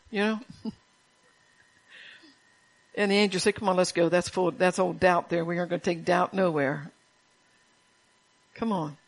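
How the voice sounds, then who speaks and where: A woman's voice: on the low side, rough recording. A woman preaching a sermon to a congregation, folksy and chatty, with laughing asides and call-outs to the room.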